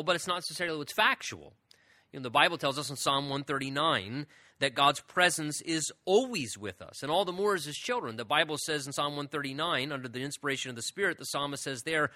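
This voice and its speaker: A man's voice: on the high side, bright, forceful tone, no room sound, studio quality. A man preaching a sermon in an earnest manner, leaning hard on key words as he explains a passage. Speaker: pastor.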